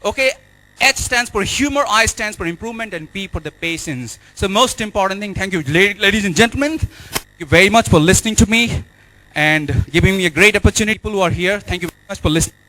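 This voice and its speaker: High, bright-voiced Indian motivational speaker. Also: male voice, fast, low-quality recording. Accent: Indian English. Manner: energetic, repetitive, exhorting the audience. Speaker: life and business coach. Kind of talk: motivational stage speech. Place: hotel event hall.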